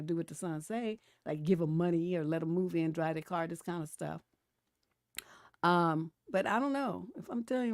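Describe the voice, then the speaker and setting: A middle-aged woman hosting a livestream advice show, talking bluntly and profanely, swinging from mellow to heated and laughing between points. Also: fairly low pitch, no room sound, studio quality. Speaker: relationship coach hosting a livestream. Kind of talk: casual livestream advice talk.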